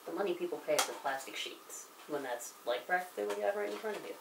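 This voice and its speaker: A woman's voice: lowish voice, expressive, vocal fry. A woman chatting beside a costume maker, joking and teasing in casual banter. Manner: playful, joking, quick to laugh. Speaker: helper and co-host chatting during the build. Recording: roomy, distant, loud background noise.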